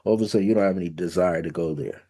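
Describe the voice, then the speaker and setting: A man giving a motivational spiritual teaching talk. He speaks conversationally, chuckles now and then, and slows down to stress key words and affirmations. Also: sits low, warm tone, breathy edge.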